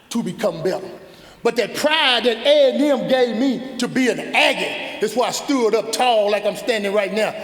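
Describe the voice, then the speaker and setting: A man's voice: high voice, a bit bright. A man giving a folksy, emphatic acceptance speech, repeating his phrases. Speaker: hall of fame inductee. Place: large banquet hall with audience. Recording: echoey hall, audience faint.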